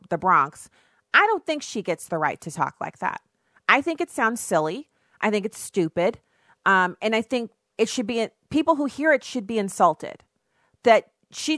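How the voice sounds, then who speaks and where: A middle-aged woman host speaks on a radio talk show in clear standard American English, animated, chatty and bluntly opinionated. Her voice sits at an ordinary middle pitch for a woman. It is recorded close on a studio microphone in a completely dry booth. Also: no room sound. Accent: none, standard American speech. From raised in Germany on US Army bases. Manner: chatty, animated, quick restarts and laughs, forceful opinions.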